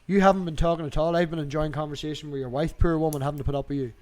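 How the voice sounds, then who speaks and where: A man's voice: on the high side, fairly even intonation, very fast, a little mellow. A man with a Northern Irish accent from near Newry, hosting a casual hangout chat and talking bluntly with plenty of swearing. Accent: Northern Irish, Newry border area. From Northern Ireland, near Newry. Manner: blunt, swearing, chatty storyteller. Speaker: stream host. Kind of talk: casual chat on a video call.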